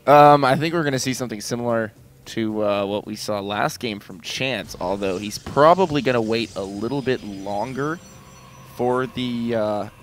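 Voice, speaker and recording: A man casting a video game match, breaking down strategy in an analytical, measured way. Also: mid-range voice, a little hiss or hum. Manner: analytical, measured, speaks in quick asides. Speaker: esports caster. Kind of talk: play-by-play game commentary.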